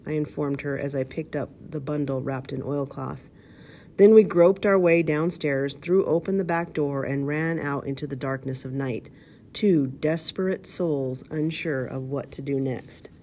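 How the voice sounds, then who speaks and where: A woman reading a children's storybook aloud, steady with occasional slips, calling out page numbers. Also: deep voice, measured pace, slight background noise. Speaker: reader.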